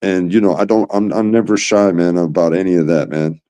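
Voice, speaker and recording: A man's voice: sits low, fairly quick, dark tone. An American man chatting casually on a stream, laid-back and repeating words, often saying "man". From United States. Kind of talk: casual chat. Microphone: streaming call.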